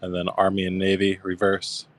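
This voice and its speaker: Young male auction host, deep and even-toned, easygoing live-stream patter. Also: normal speed, no echo. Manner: easygoing, describes coins and thanks bidders. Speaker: coin auction seller.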